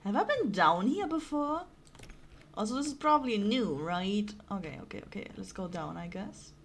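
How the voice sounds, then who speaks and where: A woman's voice: medium pitch, expressive, moderate pace, a little hiss or hum. A woman streaming a video game, chatting casually with a giggly, dramatic and apologetic manner. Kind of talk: casual live-stream gaming commentary.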